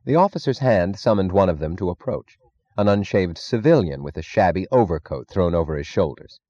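A man narrating a novel in a measured, even storytelling manner. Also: sits low, no echo, lo-fi sound. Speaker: audiobook narrator. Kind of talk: scripted narration.

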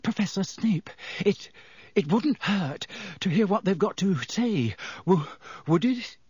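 A man's voice: extremely high pitch, animated, moderate pace, a little mellow, slightly rough, no room sound, studio quality, pitched above the performer's own voice, heavily acted. A man voicing a timid, clever schoolgirl who speaks breathlessly and stammers. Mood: anxious.

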